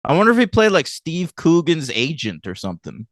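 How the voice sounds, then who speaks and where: A man's voice: fairly high pitch, very animated, a little fast, fairly bright tone, dry recording. A man co-hosting a film podcast, chatting casually and animatedly, swearing and laughing often. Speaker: podcast co-host. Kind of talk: casual chat.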